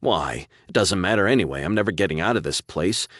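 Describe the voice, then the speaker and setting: A man's voice: deep voice, lively intonation, a little fast, a bit bright, dry recording, clean studio sound. A man voicing a weary young male sergeant prisoner who talks in a sarcastic drawl.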